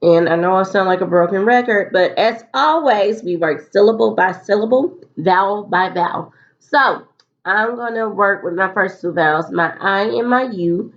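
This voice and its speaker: A woman's voice: mid-range voice, moderate pace, muffled recording. A woman teacher leading a recorded phonics lesson, explaining step by step and repeating key phrases so students can follow.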